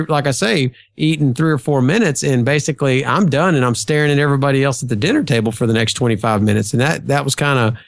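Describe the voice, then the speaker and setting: A man's voice: fairly high pitch, vocal fry, no room sound, studio quality. A man in casual conversation, talking at length with plenty of fillers and storytelling. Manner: chatty, storytelling, frequent fillers. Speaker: podcast guest. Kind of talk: casual chat.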